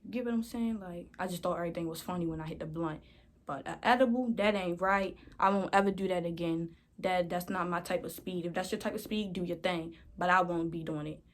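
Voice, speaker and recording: A woman's voice: on the low side, a little fast. A young woman vlogger telling a storytime in a rambling, slangy way, often calling her viewers y'all. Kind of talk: casual storytime.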